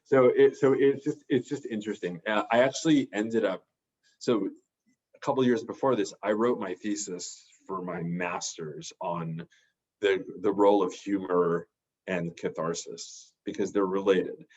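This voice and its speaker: A man's voice: deep voice, measured pace, a little mellow, muffled recording. A man, a therapist, telling a personal story in a casual, rambling way with many restarts. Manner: rambling, full of restarts and fillers. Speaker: podcast guest, therapist.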